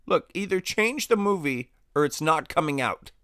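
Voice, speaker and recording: A man's voice: fairly high pitch, normal speed, smooth, no room sound, clean studio sound. A man playing a pushy exasperated producer. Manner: pushy, exasperated, lively ups and downs. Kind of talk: comedy phone skit.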